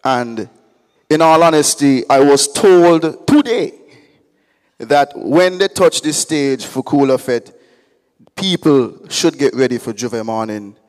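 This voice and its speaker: Slow, measured male host. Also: medium pitch, lively intonation, darkish tone. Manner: unhurried, measured, with filler pauses. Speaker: event host. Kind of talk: introducing a lineup at a media launch. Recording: long reverb in a hall.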